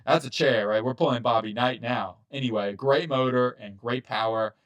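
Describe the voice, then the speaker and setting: A young man hosting his channel, chatting through a football mock draft in a rambling, casual way, full of asides and quick self-corrections. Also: mid-range voice, dry recording. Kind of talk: casual sports commentary.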